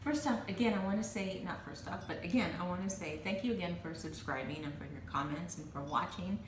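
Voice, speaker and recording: A woman's voice: fairly low pitch, brisk. A woman co-hosting a casual chat show, telling stories with lots of laughter. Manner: chatty, laughing, animated storyteller. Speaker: co-host. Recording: echoey room, distant mic, noisy.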